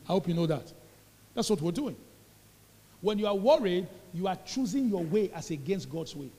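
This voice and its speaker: A Nigerian man preaching in a church with a high, gravelly voice. He drives his points home by repeating them and builds to loud, emphatic peaks. The sound rings with the long reverb of a large hall. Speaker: pastor. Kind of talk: sermon.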